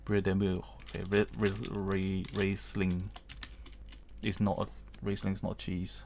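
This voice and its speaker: A man's voice: low-pitched, level tone, moderate pace, gravelly, a little mellow, a little hiss or hum. A man giving casual let's-play commentary, reading game text aloud, rambling, humming and chuckling as he goes. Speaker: gaming channel host.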